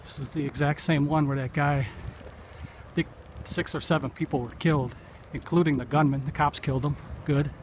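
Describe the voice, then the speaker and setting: A chatty, direct man vlogs from his bike on an outdoor trail, a little out of breath. His voice sits a bit high for a man. Strong outdoor noise is heard throughout. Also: fairly even intonation, brisk. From Wisconsin, USA. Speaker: cycling vlogger. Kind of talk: casual vlog narration.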